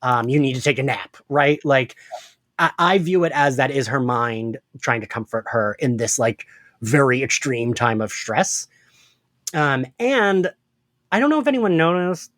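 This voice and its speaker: A man co-hosting a fan podcast, chatting excitedly and laughing often, with lots of fillers. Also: medium pitch, dry recording. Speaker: podcast co-host. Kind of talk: casual fan podcast chat.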